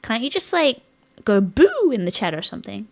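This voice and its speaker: A woman's voice: fairly high pitch, very animated, moderate pace, creaky, a little mellow. Casting note: woman streamer, giggly and playful, casual gaming chatter. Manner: giggly, laughs often, playful. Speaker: live streamer. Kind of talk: casual live-stream chat while gaming.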